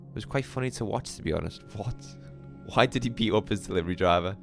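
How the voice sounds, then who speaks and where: Male Scouse streamer, very low gravelly voice, casual chat with viewers, music bed underneath. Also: quick pace, fairly bright tone. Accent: Scouse (Liverpool). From Liverpool, England. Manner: chatty, answers viewer comments, swears casually. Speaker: gaming livestreamer. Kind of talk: live gaming stream chat.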